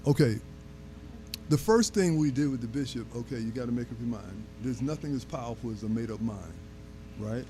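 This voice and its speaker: A man's voice: medium pitch, a little fast, dark tone, soft background music. A man who is a guest on a talk show, explaining his holistic health approach and checking in with "okay?" after each point.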